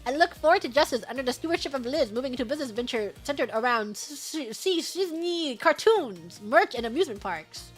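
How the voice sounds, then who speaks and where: A woman's voice: high-pitched, expressive, fairly quick, hardly any pauses, faint music behind. A young woman streamer reading out superchats in casual, giggly chat, sometimes breaking into song. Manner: bubbly, giggly, sings snatches of songs.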